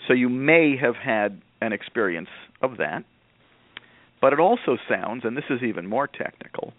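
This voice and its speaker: A man hosting a call-in parenting advice show, calm and measured, explaining patiently. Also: mid-range voice, dry recording. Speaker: radio show host, parenting expert. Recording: narrow phone-like band, dry.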